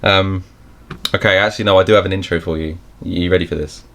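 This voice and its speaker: A man's voice: deep voice, steady tone, quick pace, a bit bright. A man hosting a podcast, chatting casually with a playful, teasing manner. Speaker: podcast host. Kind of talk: casual chat.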